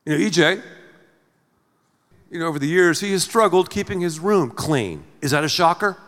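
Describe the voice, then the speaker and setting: Middle-aged male pastor, theatrical sermon delivery, bright lively voice, long hall reverb. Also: a little high, moderate pace. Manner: animated, theatrical, acts out scenes with big swings in loudness.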